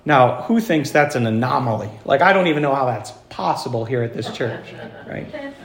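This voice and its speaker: A man's voice: mid-range voice, very animated, normal speed, echoey room. A man preaching a sermon as pastor, talking in a conversational way with fillers and restarts. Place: church.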